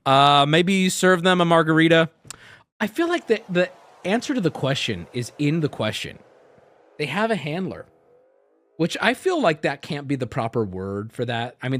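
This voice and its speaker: A man streaming, riffing in casual commentary with crude jokes, lurching between loud rants and low mutters. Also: expressive, moderate pace, dry recording.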